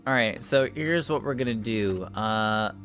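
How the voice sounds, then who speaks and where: A man narrating a tabletop game as dungeon master, in a casual, animated way with filler words. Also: fairly low pitch, measured pace, soft background music.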